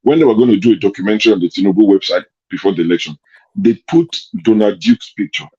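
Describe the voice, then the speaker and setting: A man's voice: on the low side, fast, a little mellow, husky, muffled recording. A Nigerian man hosting an online discussion, arguing his case with pointed rhetorical questions. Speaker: host.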